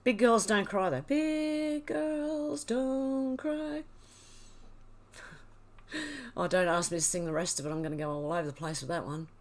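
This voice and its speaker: An Australian woman hosts a livestream, reading viewers' comments out loud while teary, overwhelmed and laughing through it. Her voice is low and her pace quick, with few pauses.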